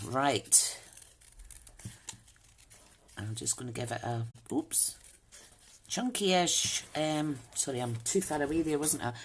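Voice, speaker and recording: A woman's voice: sits low, expressive, slow, long pauses, slight background noise. A woman hosting a live crafting demo, chatting and thinking aloud as she works and greeting viewers by name. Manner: chatty, rambling, thinks aloud while working. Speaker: crafting channel host.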